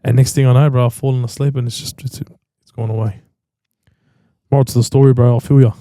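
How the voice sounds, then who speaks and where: A man's voice: mid-range voice, level tone, fairly quick, dark tone, no room sound. An Australian man hosting a podcast, talking in an emphatic, slangy way and repeating himself for stress. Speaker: podcast host. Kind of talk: casual chat.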